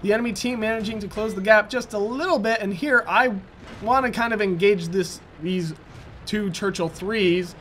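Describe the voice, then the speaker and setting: A man's voice: sits high, moderate pace, fairly bright tone, a little hiss or hum. A man giving casual, rambling gameplay commentary, often correcting himself mid-sentence. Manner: rambling, self-correcting, chatty.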